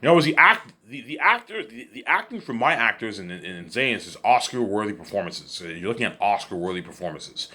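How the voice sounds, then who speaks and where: Fast-talking husky man rambling. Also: fairly low pitch, sing-song, pushed and bright. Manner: repetitive, keeps saying "you know what I'm saying". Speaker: vlogger. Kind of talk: rambling solo monologue.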